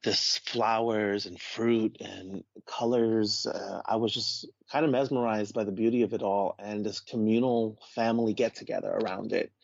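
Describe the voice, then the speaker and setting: A man's voice: lowish voice, normal speed, creaky, few pauses, no echo. A man, a podcast guest, telling a personal story in a casual way and acting out the voices of the people he quotes. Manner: animated, acts out quoted voices. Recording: dull, dry podcast audio.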